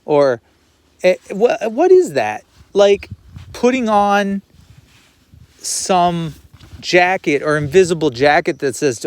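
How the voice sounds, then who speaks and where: A man muses out loud in a slow, unhurried ramble, circling back over his own words and dropping the odd swear. His voice sits a little high for a man and sounds smooth and clean. It is recorded dry and close, with no room sound. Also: very animated, dry recording. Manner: rambling, repeats himself, swears. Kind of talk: personal monologue.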